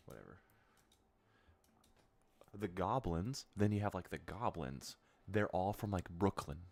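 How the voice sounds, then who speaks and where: A man's voice: deep voice, lively intonation, slow, vocal fry, long pauses, darkish tone. A young man chatting casually while he plays a game, rambling and amused, often restarting his sentences. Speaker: gaming streamer. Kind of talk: casual chat while gaming.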